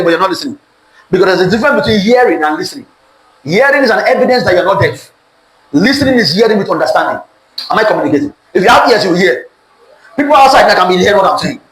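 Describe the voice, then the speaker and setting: A man's voice: sits high, fairly bright tone. A man with a Nigerian accent teaching in sermon style, calling on his audience to repeat key words back to him. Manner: call-and-response, asks audience to repeat words. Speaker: preacher teaching on relationships. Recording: echoey room with faint background noise.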